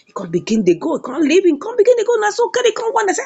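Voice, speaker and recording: A woman with a Nigerian accent, casually recapping a story and acting out the characters' lines in an animated way. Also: extremely high pitch, racing, vocal fry. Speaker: film reviewer.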